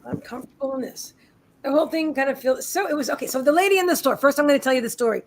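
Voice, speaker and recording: A woman's voice: high-pitched, racing, low-quality recording. A woman co-hosting a live stream from her home, telling a rambling story with lots of asides and restarts. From United States. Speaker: co-host of a live psychic reading show. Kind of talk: casual live-stream chat. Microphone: webcam on a live video stream.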